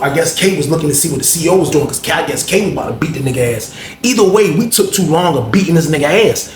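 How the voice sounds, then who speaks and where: Animated man telling a street story. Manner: animated, acts out quotes in a higher voice. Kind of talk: casual storytelling. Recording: echoey room with faint noise.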